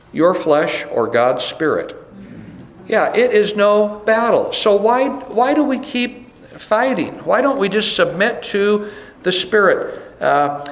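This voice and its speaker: A male pastor preaches in an echoing church, his voice carrying through the room. He speaks slowly and leans on his words, repeating phrases for stress. His voice sits a little higher than most men's. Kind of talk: sermon. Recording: roomy echo.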